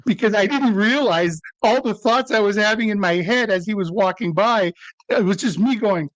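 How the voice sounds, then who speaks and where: Man, middle-aged, interview guest, rambling anecdotes, high pitch, dry recording. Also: normal speed, no echo. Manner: rambling anecdotal, self-deprecating. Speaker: actor guest. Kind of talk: casual interview storytelling.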